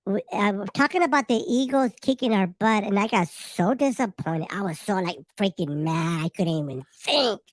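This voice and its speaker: A man putting on a high, silly voice to play a fake host, mocking and exaggerated. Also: lively intonation, moderate pace, hardly any pauses, no room sound. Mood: mock-grumpy. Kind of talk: casual chat.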